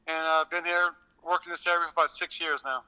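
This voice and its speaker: A man's voice: a little high, fairly even intonation, a little fast, sharp tone, smooth, low-quality recording. A man from Louisiana with a Southern accent, speaking politely as a guest on a radio interview. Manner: polite, answers with "yes, sir".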